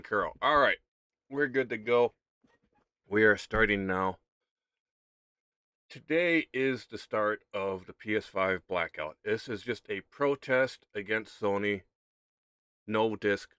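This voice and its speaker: Bright-voiced man streaming gaming commentary. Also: fairly low pitch, clear, resonant tone, no room sound. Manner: conversational, repeats points for emphasis. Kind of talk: casual livestream commentary.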